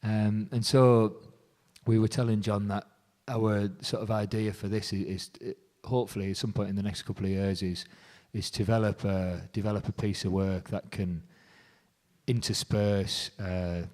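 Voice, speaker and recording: A folk musician being interviewed, retelling a story with lively quoted dialogue. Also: male voice, lowish voice, normal speed.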